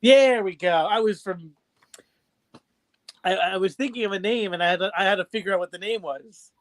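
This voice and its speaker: A man talking as a guest in a casual chat, chatty and quick to laugh. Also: high-pitched, no echo.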